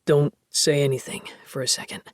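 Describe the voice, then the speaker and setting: A woman voicing a tense, hurting male rock bassist in an audiobook, speaking low, hushed and halting. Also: little pitch movement, dry recording, clean studio sound, lightly acted. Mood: somber. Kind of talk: audiobook character voice.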